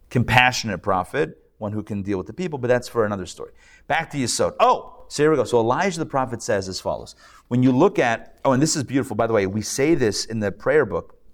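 Joking rabbi teaching a live class. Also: male voice, on the low side. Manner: joking, conversational, asks the audience questions. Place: lecture room with a live audience and online viewers.

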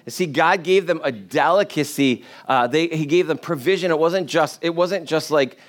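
Male preacher, relaxed conversational sermon, slips into playful complaining voices. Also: a little high, moderate pace. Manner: storytelling, acts out complaining voices in paraphrase; chatty, joking with the congregation. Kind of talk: casual sermon.

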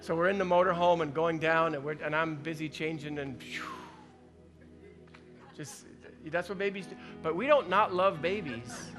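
A high-voiced older man preaches in a loose, folksy way, joking with the room and acting out the voices in his own head. His tone is bright and forceful, with soft music under him. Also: moderate pace. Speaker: pastor. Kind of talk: conversational sermon.

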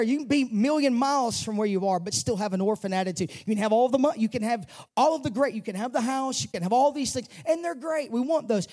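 A man's voice: very high-pitched, darkish tone. Man preaching with rising emphasis. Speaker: pastor. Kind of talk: sermon. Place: church sanctuary.

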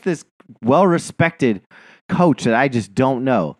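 A man's voice: mid-range voice, very animated, takes it slowly, no echo, studio quality. A man co-hosting a podcast in casual chat, ranting heatedly with lots of profanity and rambling fillers. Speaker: podcast co-host.

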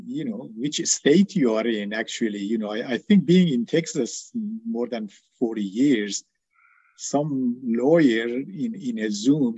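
An older man who is a psychiatrist and not a native English speaker, talking in a halting way with many restarts during a casual group video call. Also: medium pitch, a little mellow, breathy edge, no echo, muffled recording. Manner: halting, restarts often, laughs at himself.

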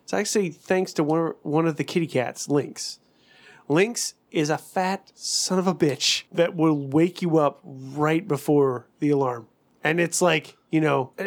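A man in casual chat, telling a rambling, profane story with plenty of restarts and self-mockery. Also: on the high side.

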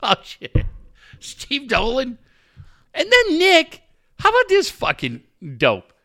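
A man's voice: very high-pitched, wildly swooping pitch, slow pace, sharp tone. A man hosting a sports radio show, ranting sarcastically and swearing constantly. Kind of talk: profane sports talk rant.

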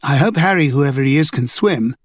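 A man's voice: high-pitched, sing-song, normal speed, slightly rough, no room sound, clean studio sound, voice pushed up, full character voice. A man voicing an anxious, watchful young woman in an audiobook. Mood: worried.

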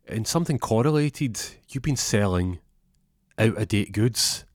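A man's voice: fairly low pitch, moderate pace, no room sound, studio quality, natural voice. Guy doing a full-of-himself young detective, goes off on tangents. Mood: pompous. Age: 20s. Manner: pompous, rambles off topic. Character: self-important young male detective, rambling.

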